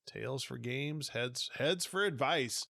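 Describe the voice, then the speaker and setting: A man's voice: mid-range voice, slow pace, gravelly, bright, forceful tone, dry recording, studio quality. A man co-hosting a casual podcast who laughs a lot and reads a gamebook aloud in a playful way. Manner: laughing, playful, reads with put-on character voices.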